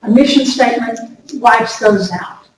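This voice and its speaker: A woman giving a lively workshop talk to an audience, chatty and direct, often repeating her words. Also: fairly high pitch, a little slow. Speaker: workshop speaker. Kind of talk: lively workplace wellness talk. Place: large room before an audience. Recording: echoey hall recorded from far off with noise.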